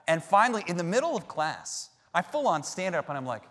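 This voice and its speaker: A man's voice: high-pitched, big pitch swings, a little fast, a bit bright. A man in his thirties preaching a sermon as a pastor, talking in a conversational, self-deprecating storytelling way. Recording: long hall reverb.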